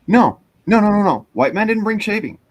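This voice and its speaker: A man in casual podcast chat who explains things calmly and firmly and corrects others. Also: high-pitched, fairly quick.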